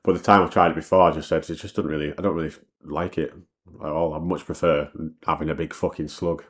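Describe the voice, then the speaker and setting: A man's voice: extremely low pitch, steady tone. A man telling a personal story in a rambling, sweary way, full of restarts and repeats. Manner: talks fast and knows it. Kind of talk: casual storytime monologue.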